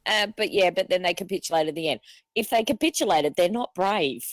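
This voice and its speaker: A woman's voice: on the low side, animated, fairly quick, no echo. A woman co-hosting a casual sports podcast, sarcastic and dismissive. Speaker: podcast co-host.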